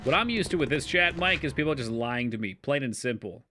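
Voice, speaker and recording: A streamer with a mid-range, animated voice talks fairly quickly, chatting casually, joking with viewers and swearing freely as he plays a game. The live stream has loud game music playing behind him.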